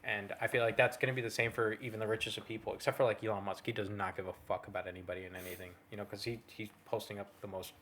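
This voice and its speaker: A man's voice: on the low side, little pitch movement, very fast, few pauses, a bit bright, a little hiss or hum. Rambling young man, casual podcast chat. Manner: rambling, lots of "like" and restarts, swears casually. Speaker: podcast co-host.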